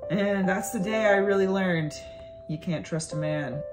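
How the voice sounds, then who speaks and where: A woman's voice: mid-range voice, a little slow. A young woman from North Carolina, a comedian telling a story straight to the camera. She jumps into her relatives' voices as she goes, and music plays under her talk. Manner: animated, acts out voices of family members. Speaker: stand-up comedian and YouTuber. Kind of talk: casual storytelling vlog.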